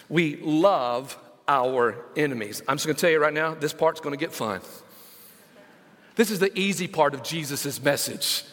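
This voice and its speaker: Emphatic pastor preaching in a reverberant sanctuary. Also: male voice, fairly high pitch, fairly bright tone. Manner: emphatic, slows down to stress scripture; engages congregation with call-outs. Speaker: senior pastor. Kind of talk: sermon.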